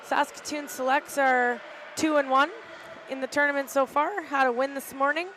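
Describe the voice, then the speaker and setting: A middle-aged woman, a team parent, giving relaxed, chatty play-by-play from an arena balcony, with fillers and hesitations. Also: high voice, normal speed, slight background noise. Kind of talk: amateur live sports commentary. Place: arena balcony overlooking ice rink.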